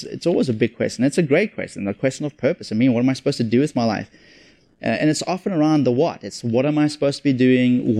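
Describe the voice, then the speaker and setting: A man's voice: medium pitch, warm tone. A man with a South African accent preaching a sermon in an earnest, conversational way, often repeating and restarting his phrases. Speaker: pastor.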